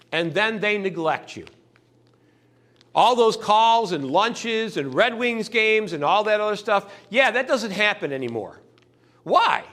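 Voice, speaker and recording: A man giving a motivational sales training talk, acting out customers and salespeople in little scenes. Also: high voice. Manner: animated, acts out customers' voices in little scenes.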